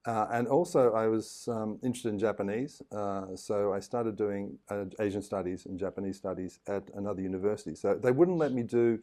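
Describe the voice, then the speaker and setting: A man's voice: on the low side, a little fast, few pauses, mellow. An Australian man telling his story as a podcast guest in a casual, rambling way, with plenty of ums and uhs.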